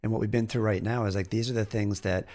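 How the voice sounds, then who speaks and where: Male podcast host, lowish voice, candid and reflective, casual swearing. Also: fairly even intonation, fast talker, darkish tone. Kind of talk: casual conversational interview.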